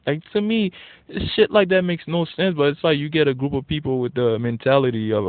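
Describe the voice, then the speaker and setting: A man in a casual, profane ranting monologue, blunt and getting animated when worked up. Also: fairly high pitch, fairly quick, no room sound. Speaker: vlogger. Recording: tinny phone-like dry audio.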